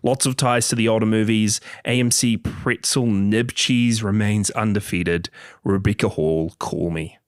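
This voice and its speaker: A man's voice: lowish voice, steady tone, measured pace, clear, resonant tone, no echo, clean studio sound. A man co-hosting a podcast, reading out listener messages and bantering in a joking, teasing way. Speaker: podcast co-host. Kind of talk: casual chat, reading listener mail.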